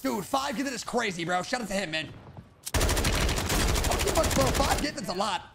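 A young man streaming a shooter game, talking brash and profane in hyped slang over loud music and gunfire. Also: sits high, expressive, fairly quick, vocal fry, very noisy. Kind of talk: gaming commentary over gameplay.

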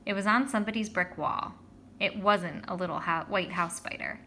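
Bright-voiced woman narrating a storybook. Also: medium pitch, normal speed, a little hiss or hum. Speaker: audiobook reader. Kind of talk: first-person storybook narration.

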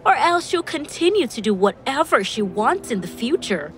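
A woman's voice: on the high side, sing-song, moderate pace, pitched above the performer's own voice. A woman voicing a smug, haughty middle-aged mother in a storybook.

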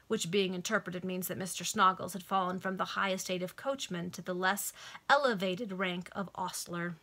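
A woman reads an old novel aloud to friends over a video call. Her voice is bright and clear, and her delivery is lively and unpolished. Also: mid-range voice, normal speed. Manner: lively amateur reading with laughs at the text. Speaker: reader. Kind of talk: casual read-aloud among friends.

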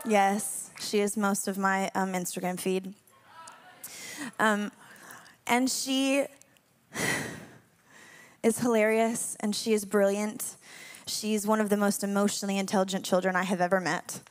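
A woman's voice: medium pitch, little pitch movement. A young woman leading a spoken prayer and then telling a personal story to a congregation, chatty and candid, laughing often. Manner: hushed and slow in prayer. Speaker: worship leader speaking to a congregation.

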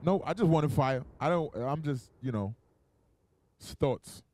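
Lively high-voiced male preacher. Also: measured pace. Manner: emphatic, colloquial, directs the reader. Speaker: officer teaching scripture. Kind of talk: street-style teaching sermon.

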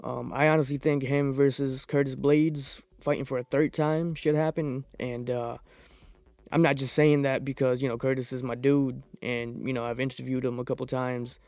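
A young man hosting a podcast, reviewing fights in a profane, rambling, excitable casual monologue. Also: medium pitch, normal speed, no room sound. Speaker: podcast host.

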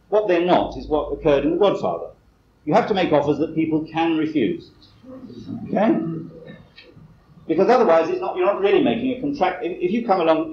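A man's voice: a little high, a little mellow. A man giving a lecture at a conference, talking in a wry, digressive way with self-deprecating asides. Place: lecture hall. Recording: roomy, muffled cassette recording with faint hiss.

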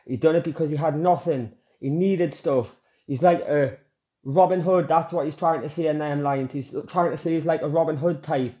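A man's voice: fairly high pitch, moderate pace, dark tone. Earnest man reacting over music. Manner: earnest, emotional, explains lyrics to viewers. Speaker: reaction video host. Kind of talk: casual reaction commentary.

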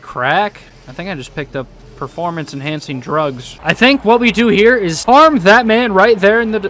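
A man giving excitable, swearing gameplay commentary, joking to himself as he plays. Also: a little high, slight background noise. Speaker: gaming video host.

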